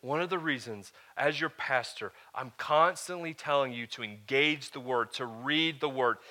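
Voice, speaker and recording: A man preaching as a pastor, moving from loud, emphatic lines to quieter, earnest teaching and asking his listeners "all right?". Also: mid-range voice, moderate pace. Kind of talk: sermon.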